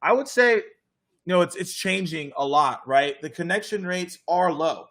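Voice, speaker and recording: Bright, energetic man coaching sales. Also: high-pitched, moderate pace. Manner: energetic, addresses viewers directly, acts out calm sales calls. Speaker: sales coach hosting a live Q&A. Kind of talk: casual live-stream Q&A coaching.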